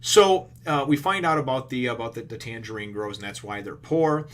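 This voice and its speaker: A man's voice: medium pitch, lively intonation, a bit bright. A man giving a casual, rambling recap of a manga chapter, full of fillers and the odd curse word. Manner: rambling, filler-heavy retelling with casual swearing; acts out characters' lines in quick paraphrase. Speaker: manga reviewer.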